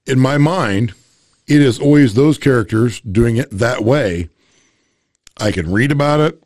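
A man's voice: mid-range voice, unhurried, a little mellow, dry recording, clean studio sound. A man co-hosting a podcast in casual chat, blunt and profane, rambling as he makes his point. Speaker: podcast co-host.

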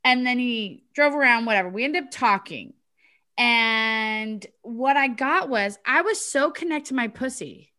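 A middle-aged woman casually telling a personal story to a group, animated and acting out the voices of the people in it. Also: on the high side, measured pace. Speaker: group participant sharing a story.

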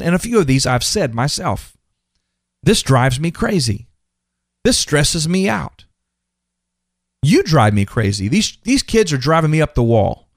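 A man hosting a podcast, giving a faith-based motivational talk and slowing down to stress his key words. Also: a little high, dry recording, studio quality. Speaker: podcast host.

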